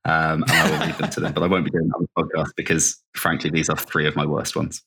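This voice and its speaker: A man's voice: very deep voice, monotone, fast, vocal fry, pushed and bright, husky. A man from the UK co-hosting a podcast in casual chat, with a nasal voice and an opinionated, wry way of talking. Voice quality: self-described nasal voice. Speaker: podcast co-host.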